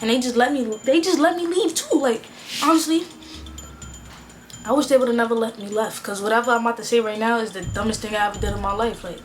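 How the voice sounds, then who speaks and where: A woman's voice: a little high, fast talker, soft background music. A young adult woman vlogger telling a casual storytime in slang, acting out both sides of each conversation.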